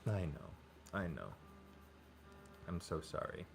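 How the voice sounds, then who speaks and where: A man's voice: sits low, sing-song, slow pace, vocal fry, music in the background. A man hosting a casual livestream from his home kitchen, chatting with viewers and cooing baby talk at his dogs. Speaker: livestream host. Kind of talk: casual livestream chat while cooking.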